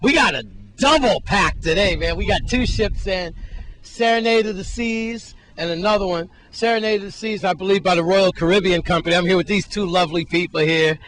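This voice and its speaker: A man's voice: sits high, fairly quick, a bit bright, low-quality recording. A man from New Jersey working as a field reporter, chatting and joking with tourists outdoors at a cruise port on a handheld mic. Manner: chatty, joking, hypes up the crowd. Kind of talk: upbeat street interviews.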